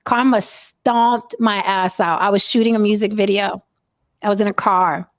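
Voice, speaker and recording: A woman telling a wild personal story in casual chat, profane and animated. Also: medium pitch, normal speed.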